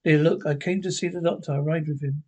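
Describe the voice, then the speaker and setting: A man's voice: on the high side, steady tone, quick pace, a little mellow, natural voice. A man reading the part of a blunt young female warrior. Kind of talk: reading a script aloud.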